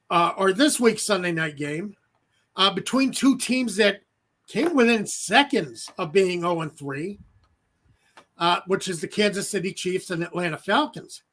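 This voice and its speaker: A man's voice: high voice, lively intonation, a little slow, a bit bright. A man co-hosting a casual sports podcast, chatty and loose, with lots of fillers and little jokes.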